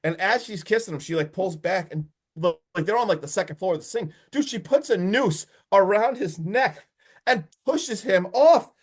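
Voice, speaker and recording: Podcast co-host, male, slightly high voice, animated and profane, rambling recap. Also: moderate pace, slightly rough. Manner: excited, swears a lot, many fillers. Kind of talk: casual movie recap.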